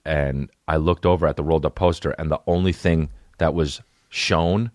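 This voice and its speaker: A man's voice: rumbling low, steady tone, moderate pace, darkish tone, no room sound, clean studio sound. A man in his late thirties from New Jersey, telling comedic stories as a podcast host in a profane, rambling way. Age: 30s. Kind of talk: comedic storytelling.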